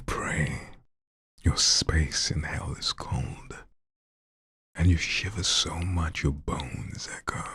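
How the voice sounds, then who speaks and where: A man hosting a live show, reading submitted poems in a soft near-whisper and chatting loosely between them. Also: very deep voice, dry recording. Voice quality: husky, breathy. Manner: reads softly in a near-whisper, then chats loosely with slang. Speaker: host reading listener submissions. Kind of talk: live poetry reading with casual commentary.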